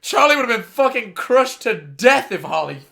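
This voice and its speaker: A young man streaming casually, reacting excitably and rambling through stories with restarts and swearing. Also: very high voice, moderate pace, gravelly, background noise.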